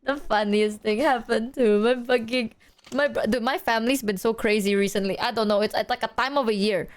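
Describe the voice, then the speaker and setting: Woman live streamer, slightly high voice, animated, swears freely, loose casual chat. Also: a little fast. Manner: animated storytelling, heavy swearing.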